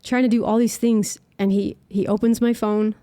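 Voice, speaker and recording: A woman's voice: on the high side, level tone, moderate pace, dark tone. A young woman, a podcast guest, chatting through a personal story and peppering it with "like". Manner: chatty, heavy use of filler "like".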